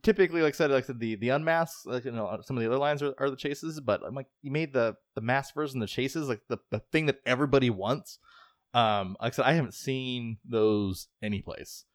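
A man's voice: mid-range voice, brisk, no echo, studio quality. A man co-hosting a casual podcast chat, blunt and teasing, who often repeats himself. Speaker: podcast co-host.

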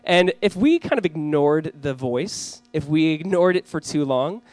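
Pastor, man in his thirties, earnest and animated sermon, somewhat high voice, dry close sound. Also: no room sound, faint music behind, low-quality recording. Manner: earnest, reads scripture slowly and emphatically, acts out family scenes. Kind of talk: Christmas Eve sermon.

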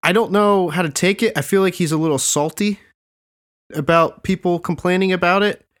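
A man hosting a podcast, chatting casually and laughing often, getting animated when he quotes people. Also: high-pitched, moderate pace. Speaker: podcast host.

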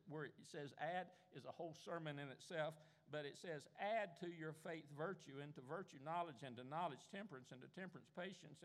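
An older man preaching a sermon as pastor, emphatic and insistent, repeating key words to drive them home. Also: fairly high pitch. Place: church sanctuary. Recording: echoey church hall.

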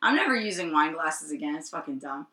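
A tipsy young woman co-host with a bright voice, laughing easily and swearing casually in relaxed chat. Her voice rings in an echoey room. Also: low-pitched, a little fast. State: tipsy from wine. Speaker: podcast co-host.

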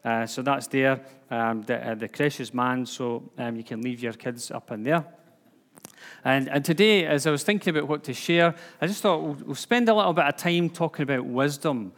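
A man's voice: mid-range voice, normal speed, a bit bright. A man with a Scottish accent giving an informal sermon, chatty, with lots of fillers and restarts. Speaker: preacher. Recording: long hall reverb.

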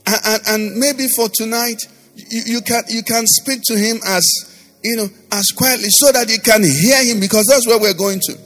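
A man's voice: sits high, moderate pace, a bit bright, in a large hall, soft background music. A male pastor preaching and leading prayer, with rhythmic repetition and rising fervent declarations. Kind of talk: sermon with prayer over music.

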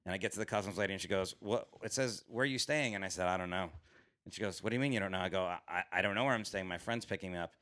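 Fast-talking bright-voiced comedian man. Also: deep voice. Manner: animated storyteller, acts out quoted voices, swears freely. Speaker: stand-up comedian guest. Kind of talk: casual podcast storytelling. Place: podcast studio.

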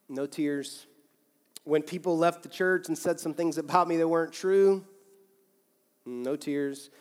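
A man's voice: a little high, big-room sound. A man in his thirties, a pastor, preaching a sermon in a candid, conversational way, often restarting his phrases. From United States. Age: 30s. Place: church sanctuary with long reverb.

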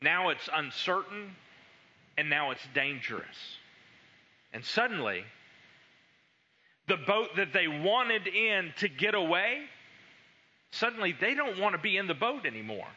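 A man preaching a sermon, telling the story with animated energy and slipping into the disciples' voices. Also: high-pitched, unhurried, long pauses, dull audio.

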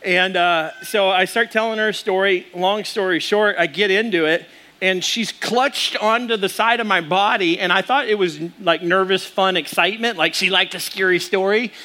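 Bright-voiced man preaching a sermon. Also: high-pitched, moderate pace. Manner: casual storytelling with audience asides. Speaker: pastor.

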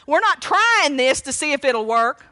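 Lady preacher, high ringing voice, folksy and fired up, dry close sound. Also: sing-song, moderate pace, dry recording. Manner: fervent, folksy, exclaims praise often; rises to shouting when quoting cries for mercy. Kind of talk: sermon.

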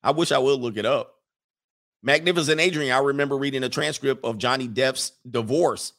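A man hosts a casual livestream, reading out chat comments and answering them in an emphatic, conversational way. His voice sits at an ordinary middle pitch, and his talk is full of fillers and restarts. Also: a little fast, fairly bright tone.

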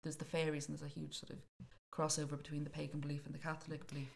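A woman telling a folktale in a lively, jokey way during a casual chat. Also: low voice, very fast, vocal fry. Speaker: podcast co-host telling a folktale.

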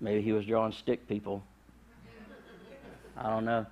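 A man, preaching a sermon in a conversational, humorous storytelling way with sudden loud bursts. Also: lowish voice, level tone, measured pace, long pauses. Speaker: pastor.

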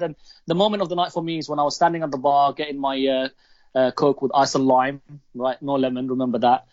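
A man's voice: mid-range voice, level tone, fast, a little mellow, no room sound. Male podcast co-host, enthusiastic and rambling, dry and lo-fi. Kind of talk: casual podcast chat. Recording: dry, dull lo-fi sound.

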